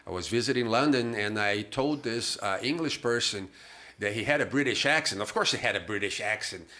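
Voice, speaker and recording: A middle-aged man from Brazil, a podcast host with a Brazilian Portuguese accent, talking English in a chatty storytelling way with many pauses and fillers. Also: on the low side, sharp tone. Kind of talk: casual conversational podcast.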